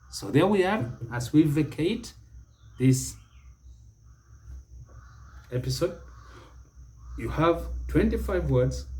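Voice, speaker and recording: A middle-aged man hosting a spoken lesson, repeating each word slowly and deliberately for emphasis. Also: medium pitch, dark tone. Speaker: pronunciation teacher and show host. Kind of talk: spoken English lesson to camera.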